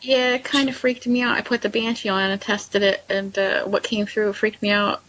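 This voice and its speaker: A woman calling in to a live show, chatting casually and excitedly about talking to spirits. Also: medium pitch, moderate pace, low-quality recording. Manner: excitable, talks to spirits through a device. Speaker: caller. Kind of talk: casual chat over a call.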